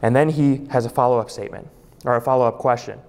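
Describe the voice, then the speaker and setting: A male pastor preaches with emphasis and lands on key phrases by repeating them. His voice sits at an ordinary middle pitch. It rings out with the long reverb of a large hall. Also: fairly even intonation, fast talker, darkish tone. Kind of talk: sermon.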